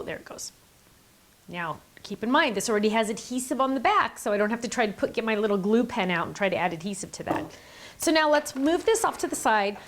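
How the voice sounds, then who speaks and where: A middle-aged woman hosting a card-making tutorial, chatty and enthusiastic, gushing over her supplies. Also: medium pitch. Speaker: craft video host.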